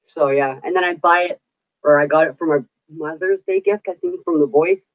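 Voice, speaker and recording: A woman's voice: deep voice, moderate pace, highs cut off. A middle-aged woman telling stories in casual chat, chatty, laughing often and swearing casually. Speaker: vlogger.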